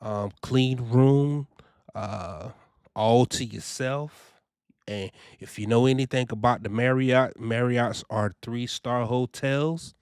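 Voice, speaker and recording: A young man talks in a loose, animated vlog style, filling his speech with "you know" and "man." His voice is smooth and clear at a middling pitch. The recording is dry and close. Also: slow, no echo. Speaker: trucking vlogger. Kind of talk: casual first-person review.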